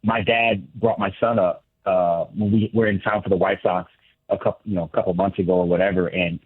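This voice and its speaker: A man's voice: sits low, steady tone, a little fast, slightly rough, no room sound. A former ballplayer, now a broadcaster, talking candidly as a guest on a sports radio show, often restarting his sentences. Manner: candid, reflective, frequent restarts. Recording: tinny phone line.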